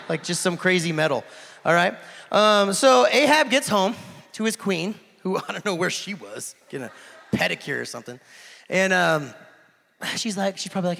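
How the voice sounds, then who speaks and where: A man giving a casual sermon into a handheld microphone, telling the story in a joking, animated way and then dropping to a hushed, intense delivery. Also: high voice, moderate pace, vocal fry. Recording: hall reverb.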